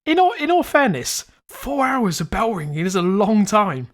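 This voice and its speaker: A man co-hosting a comedy podcast, blunt and quick to swear. His voice is slightly high for a man, and he often trips over and repeats his words. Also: very animated. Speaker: podcast co-host. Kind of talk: casual comedic chat.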